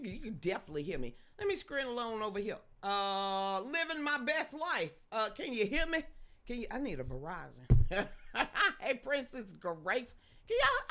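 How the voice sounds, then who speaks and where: Woman host on a live stream, loud and blunt, jokes a lot, bright sharp voice that swings all over. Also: mid-range voice, big pitch swings, moderate pace. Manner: loud, blunt and joking, laughs often, swears freely. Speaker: livestream host. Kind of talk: casual live-stream chat with viewers. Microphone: studio microphone with a level meter.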